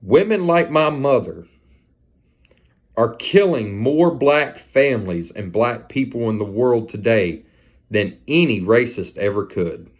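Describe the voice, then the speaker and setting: Hardened male ex-con, casual and profane, flat-out matter-of-fact, as a storyteller puts him on. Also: mid-range voice, unhurried. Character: hardened male ex-convict gang member, blunt.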